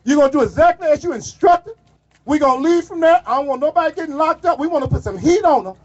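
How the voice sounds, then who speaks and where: High-pitched man shouting at a rally. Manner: fiery, preacherly, calls out to the crowd. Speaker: rally speaker. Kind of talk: shouted street rally speech. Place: outdoor protest march. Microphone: phone recording from the crowd. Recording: muffled phone recording outdoors.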